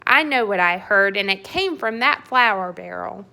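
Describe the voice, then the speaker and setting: A woman voicing a huge, grumpy male giant who grumbles and blusters loudly in a storybook read-aloud. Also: on the high side, sing-song, slow, full character voice. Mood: blustering. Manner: loud, grumbling complaints.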